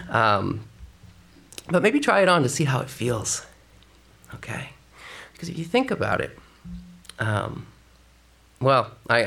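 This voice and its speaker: A man's voice: fairly low pitch, vocal fry, a bit bright. A man preaching a conversational sermon in a church, often dropping to a whisper for emphasis. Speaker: pastor.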